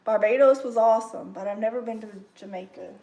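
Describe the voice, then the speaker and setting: This livestream cooking host speaks fast in a warm, slightly high voice with a Kentucky accent. She chats casually with viewers and laughs often while cooking in her home kitchen, a pan sizzling in the background.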